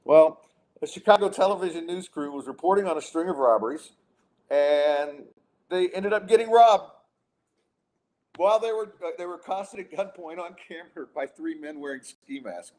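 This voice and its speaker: Speaking at a normal speed in a slightly high, darkish voice, a middle-aged podcast host rants with sarcasm during casual chat. He's clearly exasperated and keeps restarting his sentences.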